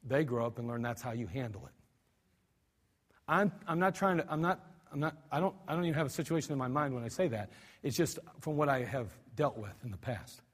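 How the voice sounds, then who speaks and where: A male pastor preaching a sermon, animated, acting out cries and mock cussing with frequent restarts. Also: mid-range voice, brisk. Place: church sanctuary. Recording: archived service recording with long hall reverb.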